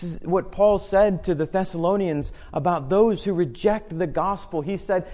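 A male pastor with a notably high voice preaches with earnest conviction. He slows down to read scripture aloud and builds intensity as he drives his points home. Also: dark tone. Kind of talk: sermon.

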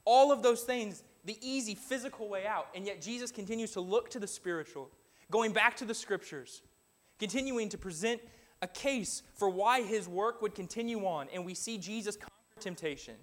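A man with a high-pitched voice delivers a church sermon. He reads scripture passages aloud, then turns earnest as he exhorts the congregation. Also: normal speed, fairly bright tone. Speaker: preacher. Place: church building.

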